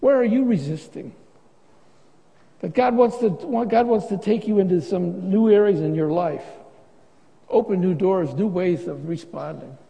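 A pastor speaks to his congregation in a high yet mellow voice, joking easily and doubling back on his words. His sermon carries through a church that rings with long reverb. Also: measured pace, gravelly. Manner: conversational, joking preaching with restarts.

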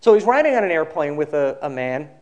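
A male pastor giving a sermon, telling a story in a relaxed conversational way and acting out the quoted people. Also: a little high, brisk, dull audio.

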